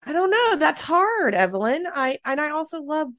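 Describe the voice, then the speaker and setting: A woman in her thirties co-hosting a podcast, chatty and animated, with lots of "like" in her speech. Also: high-pitched, moderate pace, no echo. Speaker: podcast co-host. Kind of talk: casual podcast chat.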